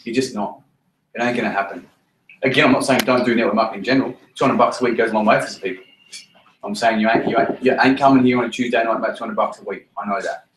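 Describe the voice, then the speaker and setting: A man's voice: lowish voice, steady tone, fast talker, noisy background. Brief: man, team leader, blunt and profane, recorded from across a roomy space. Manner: swears freely, repeats himself, straight-talking. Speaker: team leader running a meeting. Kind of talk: blunt motivational talk. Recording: roomy sound from a distance.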